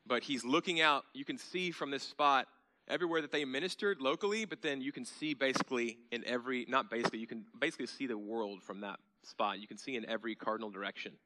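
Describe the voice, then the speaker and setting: Man, pastor, sermon, bright forceful tone, earnest, rhetorical questions, emphatic repetition. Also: mid-range voice, fast.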